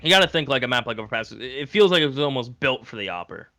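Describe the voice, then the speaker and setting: A man commentating an esports match, animated and climbing to shouted calls in clutch moments. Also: medium pitch, rapid-fire. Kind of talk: esports color and play-by-play commentary. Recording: game gunfire noise behind. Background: game gunfire and clicks.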